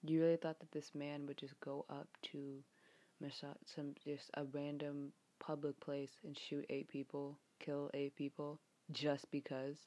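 A young American woman ranting in a frustrated, exasperated way, swearing often, her voice getting a bit hoarse. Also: low voice, monotone, measured pace, warm tone. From United States. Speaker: vlogger. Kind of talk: rant vlog.

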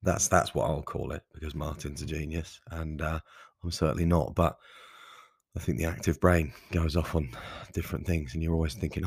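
Male podcast host, deep voice, rambling and self-mocking, dry close-mic sound. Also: fairly even intonation, fairly quick, gravelly, husky, dry recording. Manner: rambling, self-deprecating, sprinkled with mild swearing. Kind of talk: casual solo podcast monologue.

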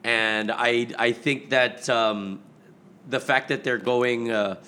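A man in casual chat about movies, talking in a rambling, self-correcting, animated way. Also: medium pitch, slow pace.

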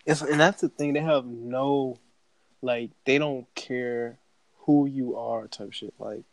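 A man co-hosting a podcast in animated, joking chat, slipping into mocking voices. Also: mid-range voice, slow pace, gravelly, no echo, poor audio. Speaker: podcast co-host. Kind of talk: casual chat.

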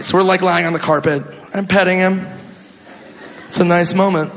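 A male stand-up comedian from Minnesota, telling a story in an animated, exaggerated way with sudden shouts. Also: sits high, fairly quick, gravelly. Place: comedy club stage. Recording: echoey club, audience laughter and noise.

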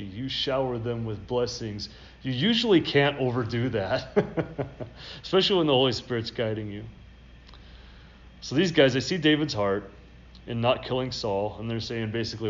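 A man's voice: medium pitch, dull audio. A man preaching a sermon, explaining a Bible passage and reading scripture aloud with rising emphasis. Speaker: pastor. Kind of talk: expository sermon.

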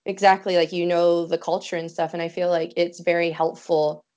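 A woman's voice: lowish voice, little pitch movement, normal speed, a little mellow. A woman in casual conversation, chatty and telling anecdotes with quoted dialogue. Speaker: conversation partner. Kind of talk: casual chat. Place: Montreal.

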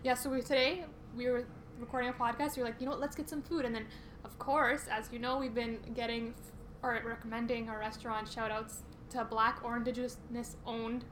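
A woman's voice: a little high, level tone, fairly quick, background noise. A young woman co-hosting a casual podcast chat over food, giggly and full of fillers. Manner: chatty, giggly, filler-heavy. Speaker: podcast co-host. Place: studio under renovation.

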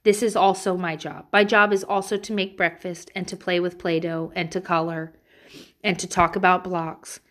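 A woman's voice: fairly low pitch, flat delivery, moderate pace, fairly bright tone. A woman in her thirties, a mother telling personal stories and giving candid parenting advice in a casual way, swearing freely.

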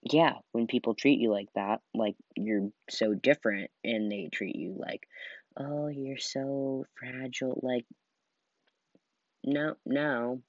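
A man's voice: on the low side, slow pace, no room sound. A tired young man chatting loosely on his own podcast, rambling and saying "like" a lot. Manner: rambling, heavy use of "like", trails off. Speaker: solo podcaster. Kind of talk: casual rambling chat. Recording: dull lo-fi dry recording.

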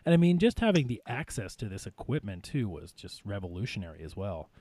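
Man, lowish voice, casual podcast chat, rambling, filler words, laughs easily. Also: very animated, brisk, dark tone, dry recording. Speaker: podcast host ranking albums.

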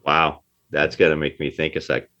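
A man's voice: extremely low pitch, level tone, moderate pace, bright, forceful tone. A man from New Jersey, an actor being interviewed, talking emphatically and often repeating himself. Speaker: actor guest. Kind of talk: casual interview talk. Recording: dull lo-fi sound.

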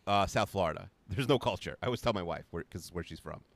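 A man's voice: sits low, fast, no room sound. A middle-aged man from the United States co-hosting a podcast, chatting casually with dry, wry asides. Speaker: podcast co-host. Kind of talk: casual chat.

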